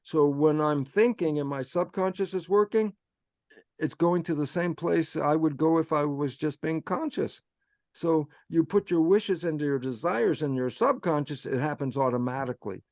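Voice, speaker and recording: An older man, a guest speaker, telling a story in an animated way with repeated emphasis over a video call. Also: on the high side, moderate pace, gravelly, no room sound, clean studio sound. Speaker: guest speaker answering questions. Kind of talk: storytelling talk.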